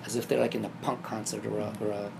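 A man casually telling a vivid dream story, acting out the scenes and getting animated and higher when excited. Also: quick pace, gravelly. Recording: noisy background ambience.

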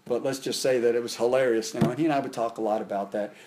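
A middle-aged man with an everyday mid-range voice tells long stories in a relaxed interview. He rambles and restarts often, and his pitch and volume climb when something excites him. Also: very fast, noisy background. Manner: rambling, with frequent restarts and fillers; voice jumps up in pitch and volume when he gets animated. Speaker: martial arts instructor and interview guest. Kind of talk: casual storytelling in an interview.

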